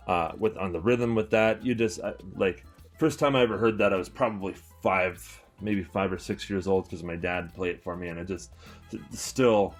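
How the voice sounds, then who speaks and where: A young Canadian man in his twenties, a record store owner chatting casually and enthusiastically about a favorite album, rambling with lots of fillers and restarts. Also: on the low side. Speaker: record collector and store owner, channel host. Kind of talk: casual album-review chat to camera.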